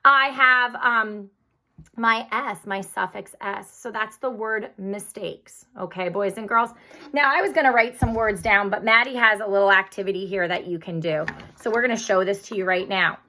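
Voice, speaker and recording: A woman teacher giving a recorded spelling lesson to young children, speaking slowly and clearly in an encouraging way. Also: mid-range voice, pushed and bright.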